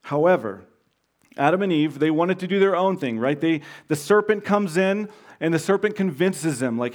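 A man's voice: fairly high pitch, lively intonation, moderate pace. A man in his thirties from Texas preaching a sermon. He speaks informally, tells stories and uses many fillers and restarts. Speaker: visiting preacher.

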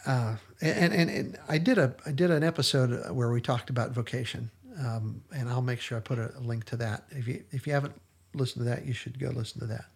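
A man's voice: medium pitch, fairly quick, creaky, few pauses, slightly rough. A man hosting a podcast, retelling scenes in an earnest, enthusiastic casual discussion. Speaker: podcast host.

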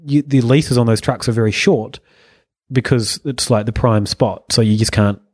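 A man's voice: medium pitch, normal speed, darkish tone, dry recording, clean studio sound. A man co-hosting a casual chat podcast, rambling, correcting himself and laughing often. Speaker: podcast co-host.

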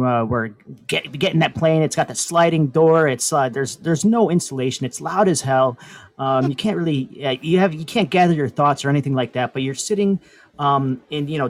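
A man on a casual talk show, telling a long rambling story full of fillers and laughs. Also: fairly high pitch. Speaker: podcast co-host.

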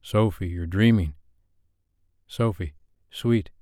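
A man playing a gentle, soothing protective man. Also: deep voice, slow, dry recording, studio quality. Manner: soft, soothing, tender. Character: gentle, protective grown man comforting his partner.

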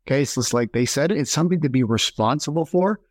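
A man talking as a podcast guest, animated and storytelling, acting out quoted voices as he explains. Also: on the high side, fast, no echo. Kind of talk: conversational interview.

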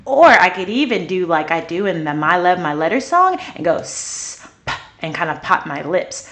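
Woman host of a children's speech therapy lesson, very lively pitch, encouraging, slow and clear on practice words. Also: echoey room. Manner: animated, encouraging, talks straight to children; slows down and stretches practice words. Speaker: early childhood educator.

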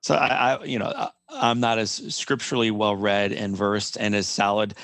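A man's voice: fairly low pitch, level tone, normal speed, fairly bright tone, no room sound. A middle-aged man, a podcast guest, telling a personal story emphatically and repeating key phrases.

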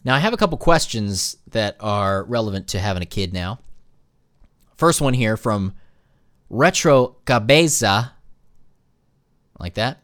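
A man's voice: lowish voice, measured pace, pauses often, dry recording, studio quality. A man and new father hosting a casual podcast monologue, telling jokey stories. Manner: animated, jokey storytelling.

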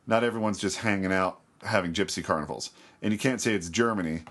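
A co-host in a casual film podcast, wry and full of trivia. The voice sits very low. Points come in a loose, explanatory flow. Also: fast, a bit bright, slightly rough. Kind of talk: casual chat about classic films.

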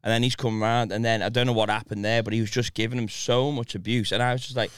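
A man's voice: medium pitch, fairly even intonation, quick pace, clear, resonant tone, dry recording. A man telling a rambling story in casual chat, often laughing.

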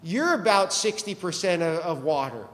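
A man's voice: high voice, big pitch swings, moderate pace, a bit bright, in a large hall. A man preaching a sermon as pastor, conversational and joking, asking the congregation questions.

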